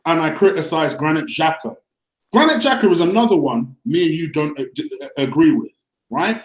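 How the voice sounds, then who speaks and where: A man's voice: high-pitched, echoey room, rough recording. A young man, co-hosting a football fan show, ranting in heated casual chat and swearing as his voice climbs. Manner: animated, ranting, swearing, voice rising when riled. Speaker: co-host of a football fan channel.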